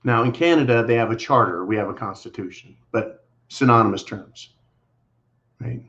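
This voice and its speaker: A man's voice: medium pitch, moderate pace, fairly bright tone. A man hosting a political commentary show, talking in a blunt, combative, sarcastic way. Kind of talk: angry monologue to viewers. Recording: dull lo-fi audio.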